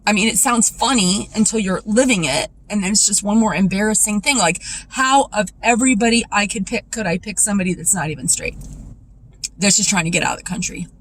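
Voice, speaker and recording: A woman vlogger speaking in a raw, emotional personal monologue, confessional and tearful, her voice dropping low when upset. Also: fairly quick, rough recording.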